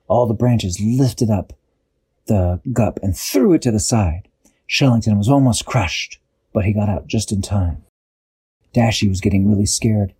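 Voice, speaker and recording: A man improvising a bedtime story, animated and acting out characters, with occasional restarts. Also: medium pitch, husky, no room sound.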